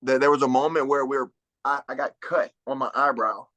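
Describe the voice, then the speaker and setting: A man in his thirties talks easily through fight stories on a podcast, full of fillers and restarts. His voice sits at an ordinary middle pitch. The sound is dry and close, with no room around it. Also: fairly even intonation, a little fast, fairly bright tone, dry recording. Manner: laid-back storyteller, many fillers and restarts. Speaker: UFC fighter guest. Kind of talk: casual podcast interview.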